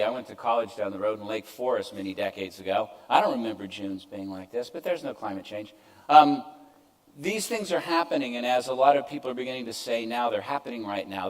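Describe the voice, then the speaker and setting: A man's voice: medium pitch, low-quality recording. Older man giving a chatty conference talk. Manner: conversational, self-deprecating asides. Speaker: keynote speaker. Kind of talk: conference presentation. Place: event stage before an audience.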